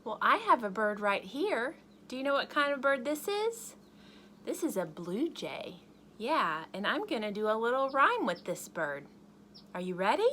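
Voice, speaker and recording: A woman's voice: fairly high pitch, sing-song, normal speed, pushed and bright, slight background noise. An American woman, a children's librarian, reading a picture book aloud at toddler story time in a playful, exaggerated sing-song way.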